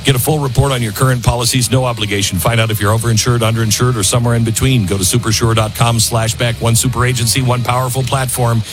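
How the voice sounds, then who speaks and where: A man's voice: mid-range voice, steady tone, fast, hardly any pauses, soft background music. A man hosting a talk radio show, rambling and self-mocking as he reads ads and reacts to headlines. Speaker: radio host.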